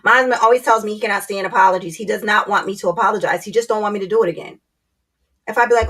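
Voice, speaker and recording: A woman's voice: mid-range voice, racing, fairly bright tone. A woman vlogger giving blunt, candid relationship advice in a casual talk to camera, speaking straight to her viewers.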